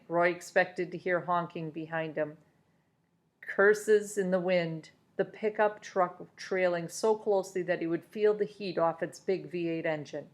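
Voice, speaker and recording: A woman reading a novel aloud to listeners, expressive, with small self-corrections along the way. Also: lowish voice.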